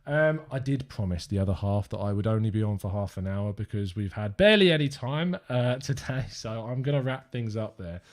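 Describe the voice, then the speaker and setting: A man's voice: fairly low pitch, lively intonation, a little fast, hardly any pauses. A young man with an English accent hosting a live fan-channel stream, chatting upbeat and rambling to viewers from his desk.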